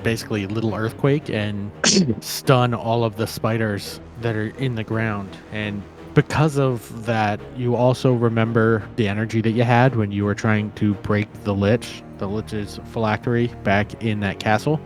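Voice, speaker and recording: A man's voice: on the low side, fairly even intonation, moderate pace, soft background music. A man narrating as game master of a tabletop game, easygoing and a little rambling.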